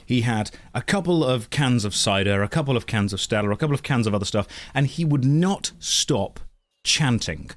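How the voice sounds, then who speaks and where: Dry self-mocking streamer. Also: male voice, fairly low pitch. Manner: dry, self-mocking storytelling with many restarts. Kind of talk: casual anecdote on a live stream.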